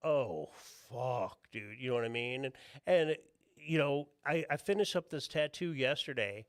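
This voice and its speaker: A man's voice: on the high side, normal speed, smooth, no echo, clean studio sound. A man, a tattoo artist guest, talks casually on a podcast, rambling and peppering his stories with "dude" and "you know what I mean.".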